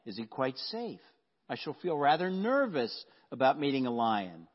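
A man's voice: medium pitch, big pitch swings, normal speed. A man reading aloud as a polite, nervous young girl from a storybook, in a hesitant way. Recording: dull sound with long hall reverb.

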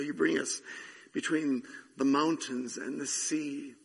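A man's voice: a little high, steady tone, gravelly, breathy edge, in a large hall, low-quality recording. A man leading prayer and preaching a sermon as pastor in a church sanctuary, earnest and prayerful. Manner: slow, earnest, prayerful with drawn-out phrases. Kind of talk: sermon with prayer and scripture reading.

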